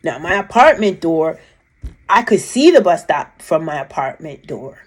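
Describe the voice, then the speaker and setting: A woman telling a personal story in a casual, animated way, emphatic and rambling with restarts. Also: low-pitched, unhurried, husky, poor audio. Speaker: vlogger recounting a personal experience.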